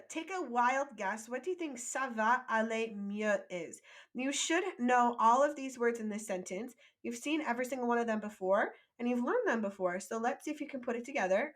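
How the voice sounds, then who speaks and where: A woman's voice: fairly high pitch, fairly bright tone. Encouraging woman teaching French vocabulary. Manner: slow modeled French phrases, then quick English explanations; encouraging, prompts repetition. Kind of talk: classroom vocabulary lesson.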